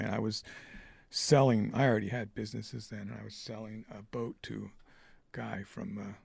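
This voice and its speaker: Gravelly, husky man thinking aloud. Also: lowish voice, dry recording. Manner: thinking aloud, halting with fillers. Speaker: trader streaming live. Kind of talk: live trading commentary.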